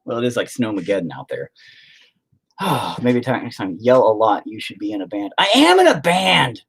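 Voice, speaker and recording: A man's voice: lowish voice, fairly quick, a little mellow, breathy edge. A middle-aged man chatting casually on his vlog, rambling, swearing and sarcastic. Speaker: vlogger, band vocalist.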